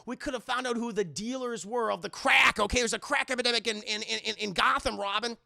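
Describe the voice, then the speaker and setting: Man doing a yelling, lecturing caped mentor. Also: very high-pitched, brisk, gravelly, no echo, studio quality, voice pushed up, exaggerated voice. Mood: scolding. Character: stern scolding male caped vigilante mentor.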